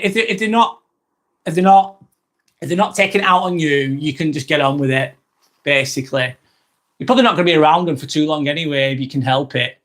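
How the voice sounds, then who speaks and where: Live-stream host: English man, somewhat high voice, casual and rambling. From England. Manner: rambling, repeats himself, frequent ums. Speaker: live vlog host reading chat.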